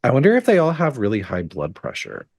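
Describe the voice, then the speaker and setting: A woman's voice: very deep voice, wildly swooping pitch, fast, a little mellow, slightly rough. A woman co-hosting a casual podcast, musing aloud and asking questions. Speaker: podcast co-host.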